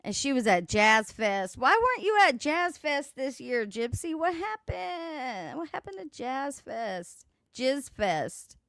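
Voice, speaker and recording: A woman's voice: high-pitched, sing-song, slow, gravelly, hardly any pauses, a bit bright, no room sound, clean studio sound. A woman hosting a casual commentary livestream, mocking and swearing. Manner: sassy, mocking, swears a lot, laughs at clips. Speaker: livestream host.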